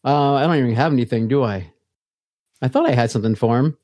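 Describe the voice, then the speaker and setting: An adult man co-hosting a casual podcast, easygoing and chatty. He stumbles through fillers and restarts as he greets the listeners. His voice sits at a middling pitch and is recorded dry and close, with little room around it. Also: fast, dark tone, no room sound. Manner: easygoing, laughs often, hesitant fillers. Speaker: podcast co-host. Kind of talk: casual chat. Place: home basement.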